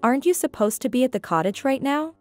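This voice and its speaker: A woman voicing a calm, sensible young woman friend in a narrated story. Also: sits high, fast, no echo, soft background music, voice pushed up.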